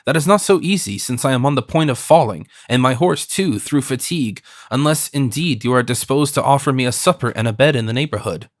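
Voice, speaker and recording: A man reading the part of a bold, quick-tempered young Gascon swordsman in an audiobook, defiant and mocking. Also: mid-range voice, expressive, no echo, clean studio sound, natural voice. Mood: threatening.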